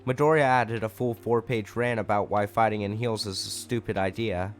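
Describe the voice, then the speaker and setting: A man's voice: fairly low pitch, steady tone, moderate pace, faint music behind. A man narrating a fanfic story aloud in a casual way with wry asides.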